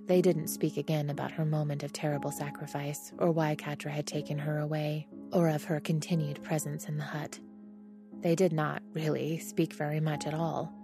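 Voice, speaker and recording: A woman reading fan fiction aloud as a podfic, in steady, measured narration. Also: low-pitched. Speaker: podfic reader. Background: background music.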